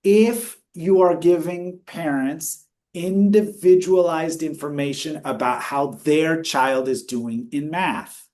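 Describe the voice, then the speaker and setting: A man presenting research findings in a webinar discussion, energetic and explanatory, rushing through quoted questions. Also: on the high side. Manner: energetic, speeds up when quoting questions; teaching, explanatory.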